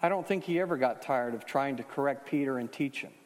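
A man's voice: mid-range voice, fairly quick. A man preaching a sermon who questions the congregation directly and rises in force on the key points. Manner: asks the congregation questions, emphatic and rising on key lines. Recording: long hall reverb.

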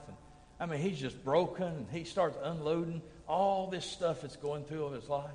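A man pastor preaching a sermon, swinging from hushed, low lines to loud, booming peaks. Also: unhurried, pauses often. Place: church sanctuary. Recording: long hall reverb from a sanctuary.

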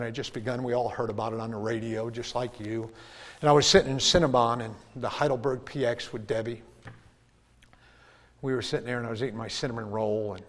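A man preaching a testimony sermon, swinging between loud preaching and hushed storytelling. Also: medium pitch. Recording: reverberant hall.

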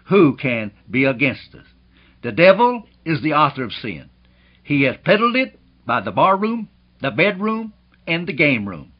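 A man preaching a sermon in an emphatic, rhetorical way, often calling his listeners beloved. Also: on the high side. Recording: dull lo-fi old recording.

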